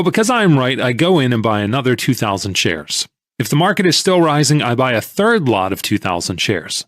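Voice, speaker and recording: Expressive male audiobook narrator. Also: medium pitch, no room sound, clean studio sound. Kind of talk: first-person audiobook reading.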